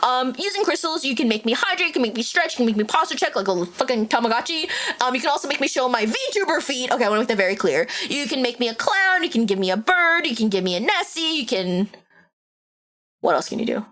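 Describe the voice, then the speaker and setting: Hyper, high-pitched young woman streamer. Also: very animated, fast, a bit bright. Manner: high-energy, rambling, swears, lots of "like". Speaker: VTuber streamer. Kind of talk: live game stream chat.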